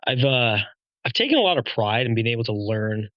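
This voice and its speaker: A man, a police officer, talking in a relaxed, self-deprecating way on a podcast. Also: mid-range voice, brisk, no room sound, dull audio. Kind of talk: casual podcast chat.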